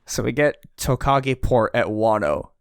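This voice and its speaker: A male podcast co-host reviews a chapter in a casual chat, excitable, laughing often and acting out quotes. His mid-range voice comes at a measured pace with a clean tone and clean studio sound, no room noise.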